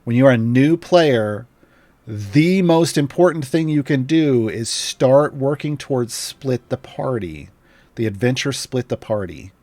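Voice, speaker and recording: A man's voice: medium pitch, darkish tone, no room sound. A man hosting a game guide livestream, chatting casually and rambling with fillers and restarts.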